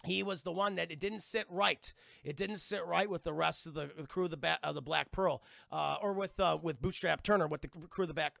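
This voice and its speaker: Gravelly, bright-voiced young man. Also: on the high side, no echo, studio quality. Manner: animated, profane, acts out lines in put-on voices. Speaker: streamer retelling a film to chat. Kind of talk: casual chat.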